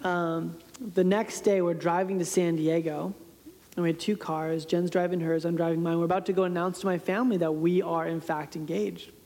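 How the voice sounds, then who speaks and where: A man's voice: on the high side, little pitch movement, moderate pace, darkish tone. A man in his thirties giving a storytelling sermon as a pastor, conversational and self-deprecating, often laughing at himself. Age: 30s. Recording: reverberant hall sound.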